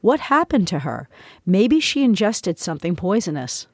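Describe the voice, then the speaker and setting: A woman's voice: medium pitch, very animated, moderate pace, dry recording. A woman voicing worried airline flight attendants, speaking with anxious concern.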